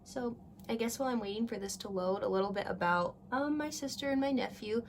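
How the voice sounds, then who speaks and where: A woman's voice: a little high, fairly quick, a little hiss or hum. Chatty young woman crafting tutorial. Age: 20s. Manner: chatty, gushing, talks to viewers as "guys". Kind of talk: casual tutorial, thinking aloud.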